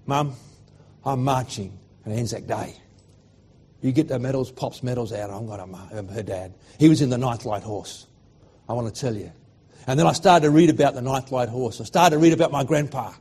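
A middle-aged Australian man preaching a sermon, swinging from loud fervent declarations to hushed, emotional storytelling. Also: medium pitch, breathy edge.

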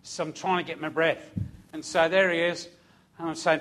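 A high-pitched male preacher recounting a story from his police days. He tells it vividly, his voice swelling loud and then dropping soft as the emotion runs through it. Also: steady tone, normal speed. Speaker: preacher, former police officer. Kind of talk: emotional sermon testimony.

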